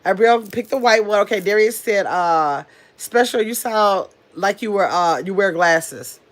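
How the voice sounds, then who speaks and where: A woman hosting a casual live stream, chatting quickly and reading viewer comments aloud as she answers them. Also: mid-range voice, expressive. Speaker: livestream host.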